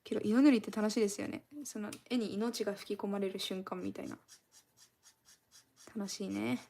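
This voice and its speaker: A woman's voice: medium pitch, fairly even intonation, racing, vocal fry, warm tone. A woman streaming live as she colors, chatting in a rambling, casual way and thanking her viewers often.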